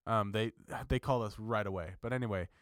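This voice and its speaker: Low-voiced man arguing casually. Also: quick pace, dry recording, studio quality. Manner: emphatic and argumentative, swears freely. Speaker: podcast co-host. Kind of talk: casual chat.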